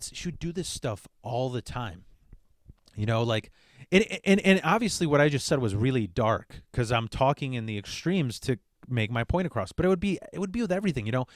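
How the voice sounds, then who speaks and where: A man's voice: mid-range voice, lively intonation, moderate pace, no room sound, studio quality. Blunt, profane man hosting a podcast. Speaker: podcast host. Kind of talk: casual comedic monologue.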